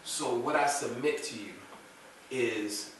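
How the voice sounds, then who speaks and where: A man's voice: mid-range voice, slow pace, a little hiss or hum. A man leading a church group discussion, talking earnestly and repeating phrases for emphasis. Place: church room. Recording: echoey room, mic far off.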